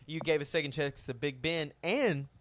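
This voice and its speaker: A man's voice: a little high, moderate pace, no room sound. A young adult man, a podcast co-host, teasing his friends in casual banter.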